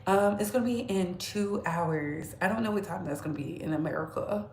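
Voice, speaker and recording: A woman's voice: fairly low pitch, a little fast, vocal fry, a little mellow. A woman hosting a casual livestream, chatting straight to her viewers and laughing often. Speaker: livestream host. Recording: echoey room with faint background noise.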